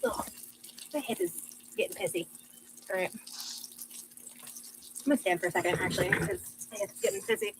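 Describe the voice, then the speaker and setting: A woman's voice: medium pitch, lively intonation, moderate pace, pauses often, background noise. A young adult woman chatting casually on a livestream, gushing over viewers' comments with lots of fillers. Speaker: livestreamer reading chat. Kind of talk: casual livestream chat while cooking.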